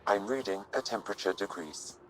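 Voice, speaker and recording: An actor voicing a calm male AI that gives flat, clinical status reports in a video game. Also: on the low side, fairly quick, a little hiss or hum, lightly acted, poor audio.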